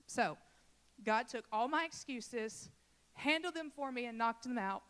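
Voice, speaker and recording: A woman's voice: a little high, moderate pace, a bit bright. A woman from Louisiana who leads a church children's ministry, giving an earnest and emotional personal testimony and talking straight to the congregation.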